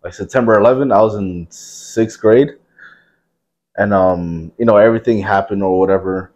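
Deep-voiced man, profane and rambling. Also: normal speed, darkish tone. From New Jersey. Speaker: podcast host. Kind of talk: casual interview chat.

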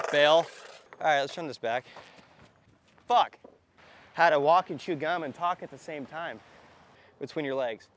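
A man, a skateboarder, rambling and cursing in candid outtakes, his voice hoarse and worn out, tired and short of breath, outdoors at a skate spot. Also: medium pitch, a bit bright, a little hiss or hum. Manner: rambling, heavy cursing, self-conscious. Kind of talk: candid outtakes while filming.

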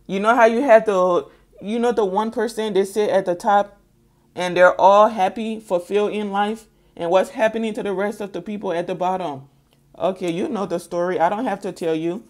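A woman with a middle-pitched voice delivers a tarot reading as a spoken monologue to her audience. She hammers her points home by repeating phrases. She keeps checking in with listeners along the way. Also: moderate pace, a little mellow. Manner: emphatic, repetitive, keeps checking in with "okay?". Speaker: tarot reader.

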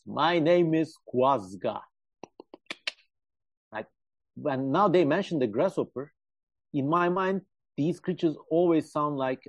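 A man's voice: mid-range voice, darkish tone, dry recording, dull audio. A man co-hosting a casual podcast, retelling a story animatedly with jokey asides and many fillers. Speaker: podcast co-host. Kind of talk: casual chat.

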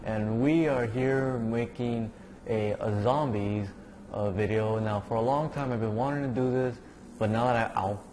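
Medium-pitched and darkish, his voice moves at a moderate pace over slight background noise. The young YouTuber drowsily rambles through zombie-game commentary, muttering and cursing at the game.

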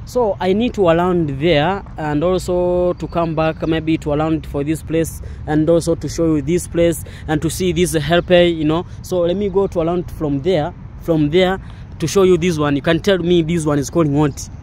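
Man, slightly high voice, gushing walking-tour vlogger. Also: normal speed, slight background noise. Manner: excited, repetitive exclamations; non-native English, broken grammar. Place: outdoors in a park.

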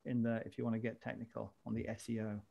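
A man's voice: medium pitch, level tone, quick pace, gravelly, dull audio, a crowd in the background. A man hosting a casual podcast chat, jokey and rambling, often restarting his sentences. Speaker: podcast host.

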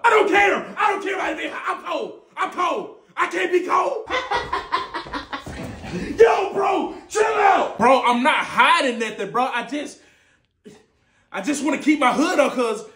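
A man's voice: very high-pitched, a bit bright, echoey room, exaggerated voice. A man playing a stubborn young guy who defensively insists on keeping his hood on, laughing as he argues.

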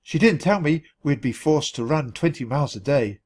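Man voicing a chubby, friendly male mouse salesman, gentle and kind, close to the reader's own voice. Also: a little high, expressive, normal speed, husky.

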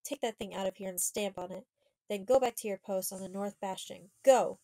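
A woman's voice: medium pitch, steady tone, normal speed, warm tone, close to an everyday voice, low-quality recording. A woman reading the part of a brave fourteen-year-old girl who urgently gives orders. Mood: angry.

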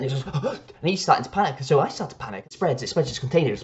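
A man telling a wild comic story to the camera, swinging from hushed whispers to panicked shouting. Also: mid-range voice, lively intonation, very fast, hardly any pauses, dull audio. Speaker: comedy storyteller.

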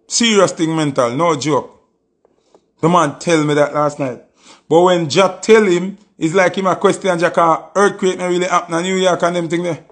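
A man's voice: high voice, fairly even intonation, normal speed. A man with a Jamaican Patois accent, talking casually on a live stream and telling a story with emphatic, repeated oaths.

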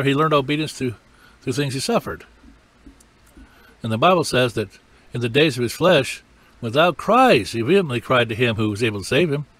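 A man's voice: medium pitch, a bit bright. An older man teaching a sermon in a folksy, emphatic way. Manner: folksy, emphatic, acts out cries and quotes. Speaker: preacher.

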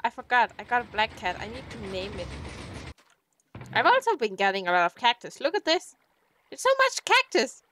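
High-voiced melodramatic woman gamer. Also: big pitch swings, brisk, a bit bright, a little hiss or hum. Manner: melodramatic, mock outrage and fake sobbing; talks to herself and to in-game animals. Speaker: streamer playing a survival game. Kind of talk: gameplay commentary.

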